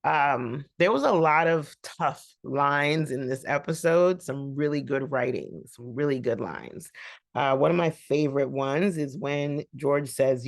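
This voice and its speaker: A woman's voice: extremely low pitch, a little slow, creaky, no room sound, clean studio sound. A woman vlogger giving a rambling, colloquial recap of a TV episode, with laughing asides. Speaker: TV reaction vlogger.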